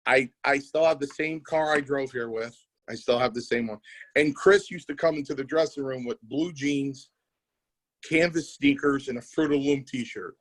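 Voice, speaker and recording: A man's voice: mid-range voice, normal speed, rough recording. A middle-aged man hosting a podcast, telling wrestling stories casually, repeating himself and swearing. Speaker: podcast host. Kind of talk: casual chat.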